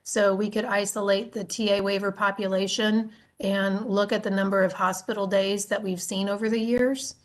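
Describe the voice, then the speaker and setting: Measured woman giving formal testimony. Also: medium pitch, flat delivery. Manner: measured, explanatory, frequent "um" fillers. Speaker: state agency official testifying. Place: legislative committee hearing.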